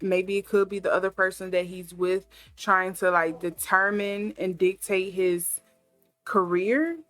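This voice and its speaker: A woman's voice: mid-range voice, steady tone, unhurried, a bit bright, dry recording, soft background music. Musing woman reading tarot cards. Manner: musing, thinking aloud with many fillers. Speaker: tarot reader. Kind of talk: casual intuitive tarot reading.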